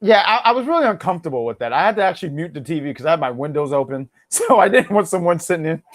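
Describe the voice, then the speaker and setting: Animated, joking wrestling show co-host. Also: mid-range voice, rapid-fire, dry recording, clean studio sound. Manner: animated, joking, rants and laughs often. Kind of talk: casual wrestling review chat.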